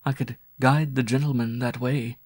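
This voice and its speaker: A male narrator voicing a mysterious unveiled desert woman who speaks slowly with a droning growl between words. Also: mid-range voice, fairly even intonation, no room sound, clean studio sound, pitched above the performer's own voice, close to an everyday voice. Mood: amused. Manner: slow, sing-song, lips barely parting.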